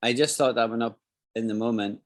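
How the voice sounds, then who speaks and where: A man's voice: medium pitch, fairly even intonation. Scottish man teaching an English lesson. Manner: explains slowly, repeats phrases, checks for understanding. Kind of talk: live online English lesson.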